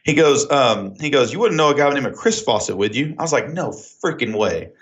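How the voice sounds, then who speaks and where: A man's voice: mid-range voice, brisk. A man from Oklahoma with a Southern Oklahoma accent, telling stories in a casual podcast chat and laughing often. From Oklahoma, USA. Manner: animated storyteller, laughs often. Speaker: podcast guest. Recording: dull lo-fi sound.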